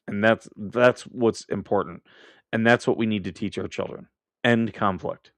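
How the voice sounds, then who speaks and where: A man's voice: on the low side, fairly even intonation, normal speed, no echo. Blunt, profane man hosting a live stream. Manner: laughs at his own remarks. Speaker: livestream host. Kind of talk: casual live commentary.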